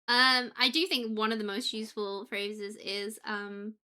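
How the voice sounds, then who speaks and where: Bright, playful woman streamer. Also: medium pitch. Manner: playful, giggly, drifts into Japanese phrases. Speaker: livestreamer. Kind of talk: casual chat with viewers.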